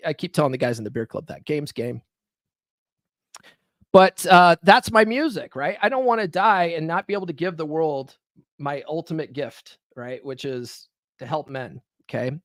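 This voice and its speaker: Casual chatty man, higher voice, dry sound. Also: dry recording. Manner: loose, repetitive, peppered with "right?". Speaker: podcast host. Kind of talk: casual live-stream monologue. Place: home with dogs nearby.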